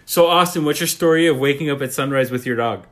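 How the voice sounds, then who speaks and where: A man's voice: mid-range voice, fast, fairly bright tone, slight background noise. A man hosting a casual podcast, steering the talk and asking questions. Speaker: podcast host. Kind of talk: casual chat.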